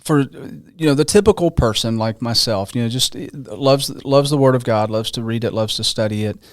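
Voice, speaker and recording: A man's voice: mid-range voice, moderate pace, no room sound, clean studio sound. A man hosting a podcast, asking long, casual questions full of fillers and restarts. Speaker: podcast host. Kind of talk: conversational podcast interview.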